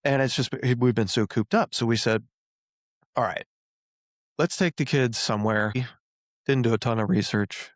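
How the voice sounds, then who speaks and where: A man's voice: medium pitch, moderate pace, pauses often, no echo, clean studio sound. A man in his thirties hosting a podcast, telling stories with playful exaggeration in casual chat. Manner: animated storyteller, playful exaggeration. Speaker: podcast host.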